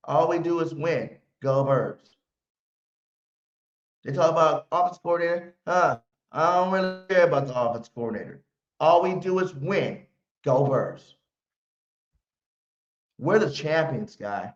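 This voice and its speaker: A man hosting a live fan pregame stream, talking brash, slangy trash with heavy emphasis. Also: on the high side. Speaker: sports stream host. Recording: roomy, muffled home stream audio.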